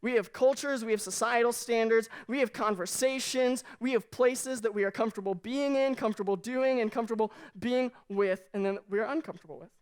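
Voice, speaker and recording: A young adult man and youth pastor preaching a humorous youth sermon, telling animated stories and acting out the voices of the people in them. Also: very high-pitched, clean tone. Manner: animated storytelling, acts out quoted voices.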